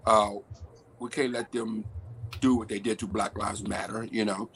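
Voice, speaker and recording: A man from Washington, D.C. on a discussion panel, animated and frustrated, laughing as he talks. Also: lowish voice, normal speed, a little hiss or hum.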